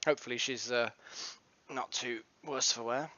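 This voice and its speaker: A man's voice: mid-range voice, steady tone, normal speed, pushed and bright, no echo, dull audio. A man playing a tabletop game, chatty and joking as he describes his character's actions. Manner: chatty, jokey. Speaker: player.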